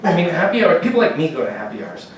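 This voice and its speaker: A man with a slightly high voice performs a rambling, profane stand-up set, laughing at his own jokes as he goes. He sounds set back from the mic, with heavy echo from the room. A faint hum of ambience sits underneath. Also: sing-song, fast talker, recorded from a distance. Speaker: stand-up comedian.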